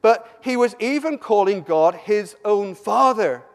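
Somerset guy preaching in a church, high voice, lots of stammering restarts, long echo. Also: measured pace. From Somerset, England. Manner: animated, rising to emphatic peaks, frequent stammered restarts. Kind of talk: sermon. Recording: long hall reverb.

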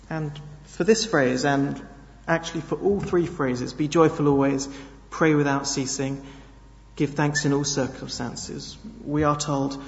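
Slow earnest preacher in an echoing hall. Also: male voice, medium pitch, vocal fry, dull audio. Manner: earnest, emphatic, slow with sudden stresses. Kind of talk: sermon.

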